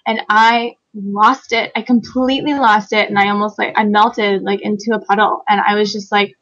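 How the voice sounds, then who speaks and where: A woman author chatting casually on a podcast, telling a personal story with lively acted-out quotes and frequent laughter. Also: on the high side, a little fast, highs cut off. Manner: animated storyteller, acts out quotes, laughs often. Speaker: guest author.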